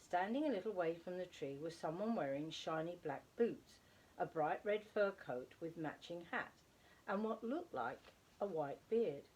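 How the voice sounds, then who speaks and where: Woman narrator, children's story, animated, husky. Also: on the low side. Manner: expressive, slowing for emphasis. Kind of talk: reading a children's story aloud.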